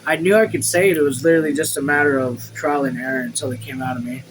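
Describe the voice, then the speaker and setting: A man's voice: mid-range voice, fairly even intonation, fast, background noise. A man reading a novel aloud at home, casual, stumbling over words and swearing in asides. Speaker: audiobook reader. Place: home room.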